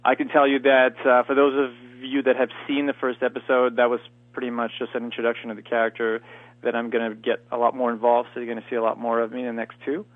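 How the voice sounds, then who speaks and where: A man's voice: medium pitch, completely flat delivery, fast. A native French-speaking man from Canada, a guest actor chatting casually in an interview with many fillers and restarts. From Canada, near Montreal. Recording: tinny phone line, dry.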